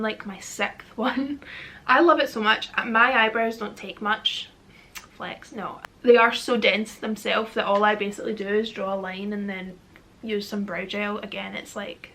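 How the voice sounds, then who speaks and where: A woman's voice: medium pitch, sharp tone, a little hiss or hum. A young Scottish woman in her twenties, chatting to camera in a rambling, self-deprecating Q&A vlog. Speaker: vlogger. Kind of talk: casual Q&A chat to camera.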